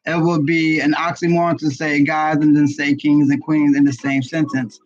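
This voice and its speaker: A man from Brooklyn with a fairly high voice, talking to his viewers as family. His manner is preachy and affirming, part casual chat and part spiritual teaching. The audio is dull and lo-fi, like a livestream mic. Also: flat delivery, moderate pace. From Brooklyn, New York. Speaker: co-host of a live spiritual reading stream.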